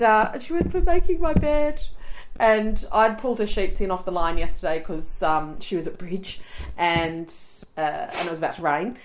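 A woman's voice: fairly low pitch, low-quality recording. A woman co-hosting a podcast, telling stories in casual chat and laughing often. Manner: chatty storyteller, laughs often. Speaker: podcast co-host.

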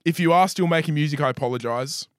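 A man's voice: a little high, fast talker, a little hiss or hum. A man co-hosting a podcast, chatting casually with lots of swearing and laughter. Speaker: podcast co-host. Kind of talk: casual chat.

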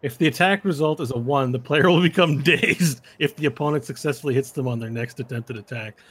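A man's voice: mid-range voice, a little fast, a bit bright, breathy edge. A man running a tabletop game as game master, checking rules and narrating the action in a playful way.

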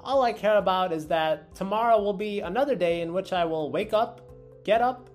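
A man's voice: high voice, normal speed, faint music behind, voice pushed up, natural voice. A man doing a chipper hundred-year-old workaholic. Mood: earnest. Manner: put-on foreign-sounding accent, earnest and upbeat.

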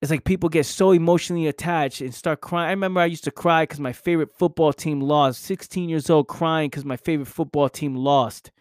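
A man's voice: a little high, steady tone, brisk, few pauses, clean tone, no echo, clean studio sound. A young adult man giving an intense, profane motivational monologue, full of repetition and rhetorical questions. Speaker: motivational speaker.

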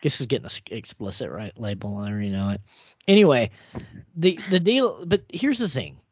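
Male podcast host, loose rambling chatter, lively swooping pitch, dull dry recording. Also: brisk, breathy edge, no echo. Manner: rambling, animated storyteller with restarts and cursing. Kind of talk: casual chat.

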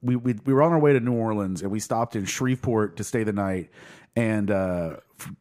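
A man's voice: lowish voice, brisk, a little mellow. Rambling laid-back man. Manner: rambling, laughing, lots of fillers. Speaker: podcast co-host. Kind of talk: casual chat.

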